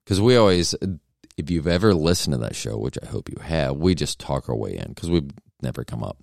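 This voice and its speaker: A man with a very low voice talks alone into a podcast mic, joking and wandering off on tangents. His pitch jumps around a lot as he teases himself, and the sound is dry and close, with no room around it. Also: very animated, fairly quick, gravelly, a little mellow, no echo. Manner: joking, self-deprecating, wandering asides. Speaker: podcast host. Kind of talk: rambling solo podcast monologue.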